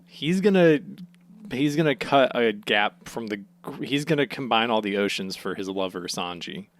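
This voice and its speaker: A man's voice: medium pitch, lively intonation, moderate pace, no room sound. A man co-hosting a podcast in casual chat, enthusiastic, riffing in silly bits and laughing often. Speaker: podcast co-host.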